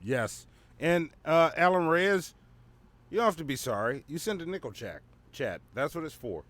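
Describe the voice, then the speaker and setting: A man co-hosting a podcast, upbeat and quick to laugh, reading out viewer messages. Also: on the high side, sing-song, fairly bright tone. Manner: upbeat, laughs easily, reads messages aloud. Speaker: podcast co-host reading donations. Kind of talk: casual chat.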